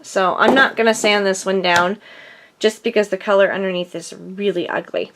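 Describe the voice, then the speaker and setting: A woman's voice: mid-range voice, steady tone, moderate pace, background noise. A middle-aged woman chatting casually in her home craft studio, rambling and a bit out of breath. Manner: rambling, chatty, self-deprecating. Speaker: crafting vlogger. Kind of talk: casual chat.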